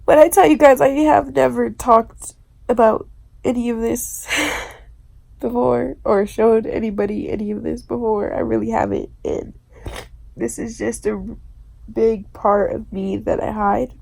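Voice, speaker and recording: A woman crying as she talks alone to her own camera, in a halting, hesitant confession broken by nervous laughs and swearing. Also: fairly high pitch, steady tone, creaky, darkish tone. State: tearful, crying. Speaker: vlogger. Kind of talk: confessional self-recorded monologue. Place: alone indoors. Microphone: self-filmed camera.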